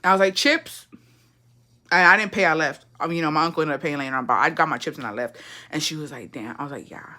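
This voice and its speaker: Rapid-fire delivery marks this livestream host, a young woman whose voice sits low and sounds pushed and bright. She's telling a profane bit of family gossip in a casual storytime chat, laughing along and dropping Spanish phrases into her English.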